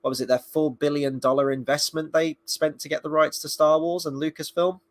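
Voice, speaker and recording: A man's voice: on the high side, level tone, a little fast. A man reviewing a TV episode in casual live-stream chat, enthusiastic and opinionated as he thinks aloud. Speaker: film and TV reviewer.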